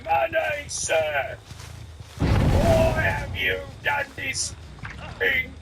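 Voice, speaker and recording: A man voicing an outraged, prudish medieval male art critic in a put-on British accent, drawn-out and whining. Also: wildly swooping pitch, distant mic, heavy background noise, heavily acted. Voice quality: high, drawn-out shrieking whine. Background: loud music.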